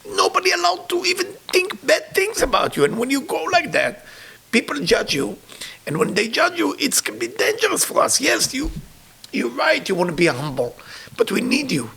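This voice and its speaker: A man's voice: a little high, expressive, quick pace, vocal fry, a bit bright. A man voicing a great rabbi of old who is urgently pleading with a humble scholar, in a retold story. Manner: insistent, emphatic pleading.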